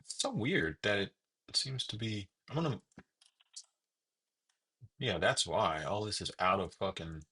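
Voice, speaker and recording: A man's voice: lowish voice, expressive, measured pace, long pauses, sharp tone, breathy edge. A man talking through his coding work in a casual, muttering way, swearing now and then, with the hiccups. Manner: muttering to himself, swears freely. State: has the hiccups. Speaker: programmer streaming his coding.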